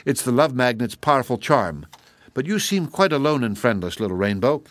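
A man voicing a kindly, easygoing ragged male wanderer who talks calmly and sympathetically. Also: mid-range voice, normal speed, dry recording, lightly acted. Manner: calm, sympathetic and soothing. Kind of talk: storybook character voice.

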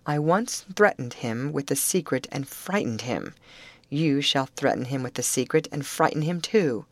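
A woman's voice: extremely low pitch, lively intonation, normal speed, no echo, full character voice. A woman voicing a frail, frightened young woman who speaks in a vacant, sorrowful, pleading way.

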